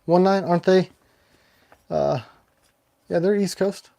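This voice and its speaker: A man's voice: high-pitched, takes it slowly, creaky, mellow. A middle-aged man from Michigan's Upper Peninsula who hosts a livestream about his knives. He chats casually, rambles and laughs often. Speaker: knife maker hosting a livestream. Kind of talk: casual chat.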